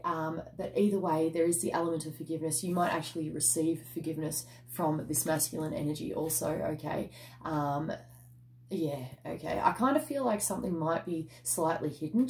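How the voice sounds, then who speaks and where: Aussie woman doing a casual tarot reading, kinda low voice, chatty and blunt, lots of "okay?" and a bit of swearing. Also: a little mellow. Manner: chatty and emphatic, mild swearing, tags lines with "okay?". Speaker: tarot card reader.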